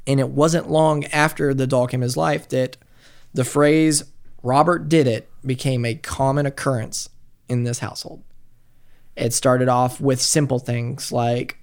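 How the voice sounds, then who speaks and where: A man's voice: medium pitch, measured pace, clean tone. Swearing man telling a story. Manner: profane, animated storyteller. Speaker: podcast host telling the story. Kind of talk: casual storytelling chat.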